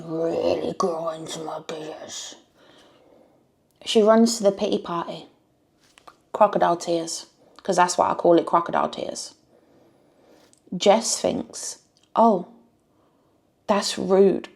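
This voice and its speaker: Woman vlogger, ranting reaction style, slightly low voice. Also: a little mellow. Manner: blunt, emphatic, repeats phrases, swears. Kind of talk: casual reaction commentary.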